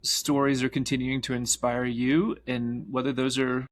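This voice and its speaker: A male podcast host feels his way through a long question, hesitant and full of fillers. His voice is mid-pitched and stays fairly flat. He sounds thoughtful rather than pushy. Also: moderate pace. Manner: searching, hesitant, many fillers. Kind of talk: interview question.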